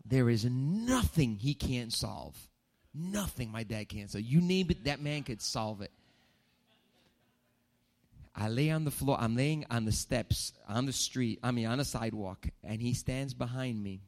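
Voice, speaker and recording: Pastor guy preaching, telling a story, gets animated and repeats himself for emphasis. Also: mid-range voice, measured pace. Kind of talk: sermon storytelling.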